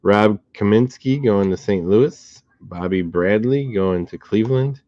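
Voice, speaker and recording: A man chatting casually as he opens packs of cards, halting and restarting his sentences in a laid-back way. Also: on the low side, lively intonation, dry recording, dull audio. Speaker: card breaker. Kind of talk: casual chat while opening packs.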